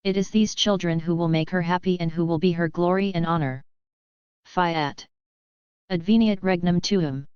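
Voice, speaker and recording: A woman reading devotional writings aloud in a slow, even, reverent way. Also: on the low side, clear, resonant tone, no room sound. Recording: dull lo-fi recording.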